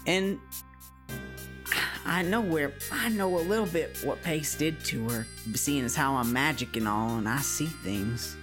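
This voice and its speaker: A woman's voice: low voice, measured pace, over music. A woman voicing an old witch who lives in a run-down shack, sighing and dramatic in a folksy drawl. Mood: ominous.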